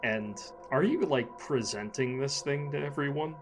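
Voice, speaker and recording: A man's voice: medium pitch, moderate pace, over music. A man playing a tabletop game, describing his character's actions in casual talk.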